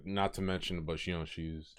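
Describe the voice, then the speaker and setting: A man's voice: sits low, flat delivery, moderate pace, clear, resonant tone, dry recording, clean studio sound. A man co-hosting a casual podcast chat, reading posts aloud and making offhand jokes. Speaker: podcast co-host.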